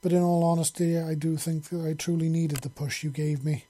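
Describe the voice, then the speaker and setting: A man voicing a grown woman, a kind and earnest mother who speaks gently. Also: on the high side, level tone, brisk, lightly acted. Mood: gentle.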